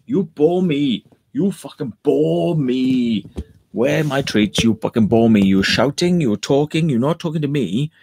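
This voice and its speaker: A man's voice: medium pitch, expressive, unhurried, gravelly, a little mellow, husky, pitched above the performer's own voice, exaggerated voice. A man voicing his bored, grumpy female pet dog, who complains in a sulky way.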